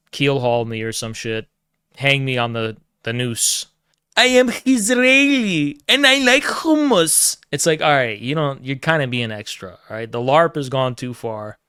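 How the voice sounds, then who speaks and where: A man's voice: a bit bright, clear, resonant tone, no echo, clean studio sound. A man ranting casually and sarcastically, profane and mocking. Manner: sarcastic, mocking, slips into high put-on voices. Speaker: political streamer.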